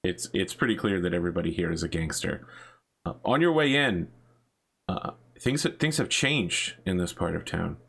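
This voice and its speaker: A man narrating a tabletop game as game master in a relaxed way, with many fillers. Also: low voice, normal speed, creaky, husky.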